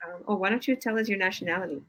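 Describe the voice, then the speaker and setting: A woman's voice: mid-range voice, racing, a crowd in the background, poor audio. A woman coach hosting a casual live stream over a video call, gushing with enthusiastic praise.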